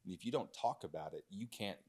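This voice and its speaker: A man's voice: low-pitched, lively intonation, quick pace, a little mellow. A man from Arkansas, a comedian guest in a casual podcast chat, who talks in an earnest, laid-back way and keeps checking in with 'right?'.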